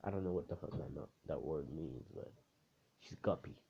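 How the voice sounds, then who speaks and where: A man's voice: rumbling low, moderate pace, gravelly, slightly rough, muffled recording. A man telling a fan story in a rambling, profane, casual way, full of fillers.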